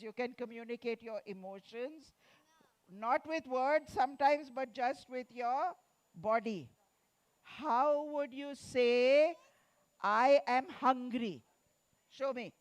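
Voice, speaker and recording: A woman guides a group of children through a storytelling session, speaking slowly and deliberately. Her voice sits a little high, and she coaxes answers from the kids with playful prompts. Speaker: children's author at a festival session. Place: festival venue.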